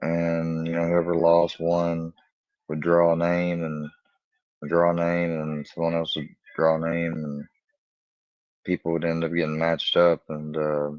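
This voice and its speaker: Deep-voiced man rambling through a story. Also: completely flat delivery, a little slow, dry recording, muffled recording. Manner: rambling, acts out both sides of the talk with a jumpier, higher voice for quotes. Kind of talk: casual story told to camera.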